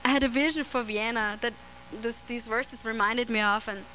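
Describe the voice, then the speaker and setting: A woman preaching a sermon on scripture, earnest and prone to restarts and soft laughter. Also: on the high side, fairly even intonation, normal speed, a little hiss or hum, poor audio.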